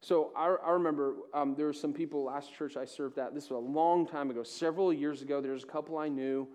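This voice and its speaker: A man with a notably high-pitched voice preaches a sermon as a pastor. He presses hard on key points, then drops to a hushed, low-volume delivery. His style is impassioned and earnest from the pulpit. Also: steady tone, quick pace. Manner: impassioned preaching, swinging between loud emphasis and hushed tones.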